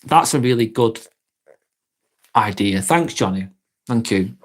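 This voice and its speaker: A young British man hosting a live vlog stream, reading out viewer comments in a relaxed, chatty way with frequent ums and quick laughs. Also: fairly low pitch. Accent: British English. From England.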